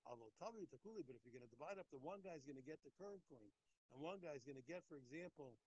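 A man teaching a daily Talmud page, his voice high and a little husky. He swings widely up and down as he explains, restarting and repeating phrases as the argument builds. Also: dull audio. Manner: animated, repeats phrases, acts out the text's speakers. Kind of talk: daf yomi Talmud class.

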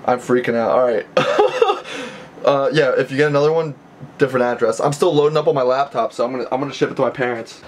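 A man's voice: mid-range voice, fairly even intonation, very fast, slight background noise. A young man vlogging casually from a messy bedroom, rambling and stammering with lots of restarts. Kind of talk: casual vlog to camera. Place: messy bedroom being packed up.

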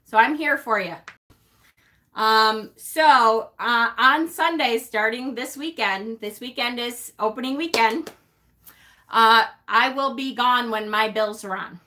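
Bright-voiced chatty woman streamer. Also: a little high, slow pace. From North Carolina. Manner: chatty, teasing, laughs often, swears. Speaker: witchy livestream host. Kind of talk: casual live-stream chat reading comments.

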